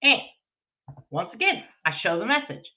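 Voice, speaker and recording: A woman's voice: a little high, big pitch swings, moderate pace. A woman ranting angrily to her viewers, cursing heavily and speaking sarcastically, with a tinny, phone-like sound. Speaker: online drama commentator. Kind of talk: angry profane rant to viewers.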